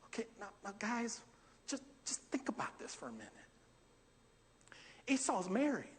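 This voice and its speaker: A male pastor preaching a verse-by-verse sermon in a church, asking lively rhetorical questions and acting out scenes. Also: sits high, moderate pace. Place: church sanctuary. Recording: long church hall reverb.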